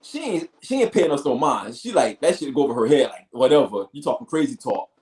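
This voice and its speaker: Lively New York man telling a story. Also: medium pitch, brisk. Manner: rambling, animated storytelling. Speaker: podcast co-host. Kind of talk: casual chat.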